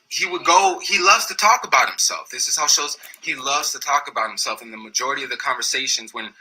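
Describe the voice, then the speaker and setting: Guest, male, husky and intense, casual slang-heavy storyteller, lots of restarts. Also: mid-range voice, bright, forceful tone, poor audio.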